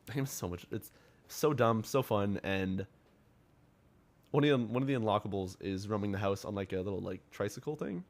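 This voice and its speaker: A man's voice: fairly low pitch, brisk. A man co-hosting a casual gaming podcast, rambling and profane, loose and filler-heavy. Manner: rambling, laid-back, profane, lots of filler words. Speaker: podcast co-host.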